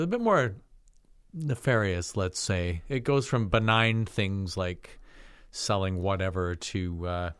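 A man's voice: fairly low pitch, clear, resonant tone, dry recording, studio quality. A man casually chatting about a film he picked, rambling with many fillers and restarts. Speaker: podcast co-host. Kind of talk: casual film review chat.

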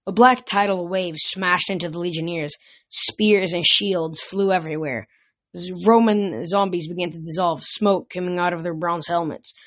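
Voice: medium pitch, a bit bright, no room sound. An amateur reader casually reading a novel aloud, often tripping over words and correcting them. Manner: stumbles and corrects words mid-sentence.

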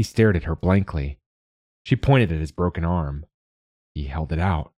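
Deep husky man reading a storybook. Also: unhurried, darkish tone, no room sound, studio quality. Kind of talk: storybook narration.

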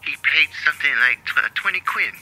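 A man's voice: a little high, expressive, a little fast, sharp tone, no echo, soft background music, voice pushed up, heavily acted, low-quality recording. A man putting on an impression of a famous older male singer calling in, chatty and gushing.

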